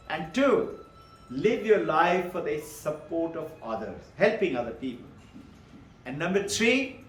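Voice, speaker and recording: A man lectures on spiritual philosophy in a fairly high, lively voice. He keeps firing rhetorical questions and answering them, with a chuckle never far away. The sound carries the echo of a bare room. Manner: animated, chuckles often. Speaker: spiritual teacher. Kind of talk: lecture on Vedanta.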